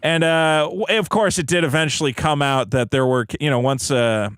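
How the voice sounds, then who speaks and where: A man's voice: on the high side, moderate pace, a bit bright, clean tone, dry recording, clean studio sound. A man co-hosting a casual comedy podcast, telling stories in a rambling, profane, joking way. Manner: rambling, profane, jokey storytelling. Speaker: podcast co-host.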